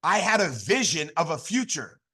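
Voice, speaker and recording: A man's voice: a little high, sing-song, normal speed, bright, forceful tone, slightly rough. A man delivering an emphatic, fired-up motivational talk at a sales training. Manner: fired up, emphatic, repetitive exhortations. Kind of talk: high-energy motivational talk.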